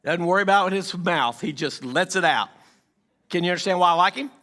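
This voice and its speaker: A male pastor preaching a sermon in a conversational, emphatic storytelling way, swinging from loud to soft, in a church sanctuary. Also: high-pitched, fairly quick.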